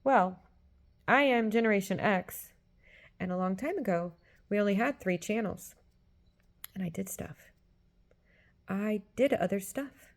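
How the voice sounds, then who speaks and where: A woman in her forties or fifties giving a Christian teaching talk, emphatic, acting out quoted voices with sudden leaps in pitch and loudness. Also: a little slow, long pauses. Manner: emphatic, acts out voices with big pitch jumps. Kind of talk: teaching sermon.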